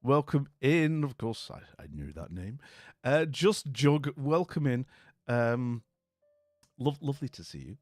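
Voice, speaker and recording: A man's voice: medium pitch, big pitch swings, unhurried, no echo, clean studio sound, soft background music. A man hosting a live stream, chatting with viewers in a rambling, jokey way full of fillers, and sounding tired. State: tired and dopey. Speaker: livestream host. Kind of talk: casual live-stream chat greeting viewers.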